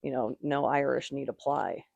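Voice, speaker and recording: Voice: mid-range voice, steady tone, normal speed, vocal fry, darkish tone, no echo, dull audio. A tarot reader giving a casual, rambling reading, with strong opinions and lots of "like" fillers.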